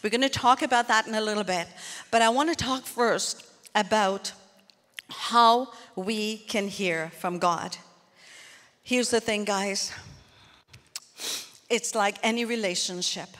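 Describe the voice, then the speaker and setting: A woman's voice: medium pitch, takes it slowly, long pauses, a bit bright. A woman pastor preaching a sermon in an earnest, conversational way, turning often to the congregation with asides. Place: church hall. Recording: long hall reverb.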